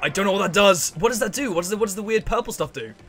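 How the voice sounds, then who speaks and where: A man's voice: high voice, expressive, a bit bright, slight background noise. A young man chatting and rambling through casual let's-play commentary. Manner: rambling, chatty, quick laughs and exclamations. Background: faint game music.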